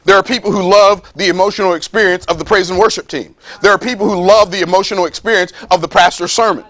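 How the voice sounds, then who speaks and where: A man's voice: high-pitched, fairly even intonation, fairly bright tone, no echo. A man preaching to a live audience, emphatic and playful, repeating phrases and acting out quoted voices. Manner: emphatic, repeats phrases, reads scripture slowly. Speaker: speaker at a business seminar. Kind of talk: preaching-style motivational talk.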